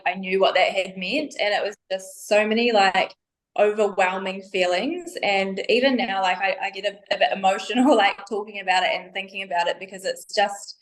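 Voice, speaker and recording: A woman guest on a casual podcast, hesitant and often searching for words as she answers. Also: medium pitch. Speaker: podcast guest, bikini athlete.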